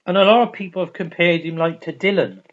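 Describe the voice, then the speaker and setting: This man talks fast in a high, gravelly voice with a fairly bright tone, rambling eagerly through a casual review of his records. As a vinyl collector vlogger, he repeats himself a lot, captured on a dull lo-fi recording.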